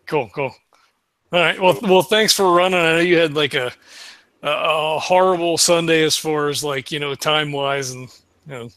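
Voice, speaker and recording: A man's voice: fairly high pitch, moderate pace, fairly bright tone, no echo. A man playing a tabletop game, talking in a hesitant, stammering way. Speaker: player. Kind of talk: tabletop game play, casual chat.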